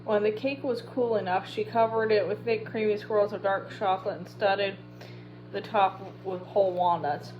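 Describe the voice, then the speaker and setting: A woman narrating an audiobook in a steady, even reading voice. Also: medium pitch, normal speed, lo-fi sound, soft background music. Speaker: audiobook reader. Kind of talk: storybook narration.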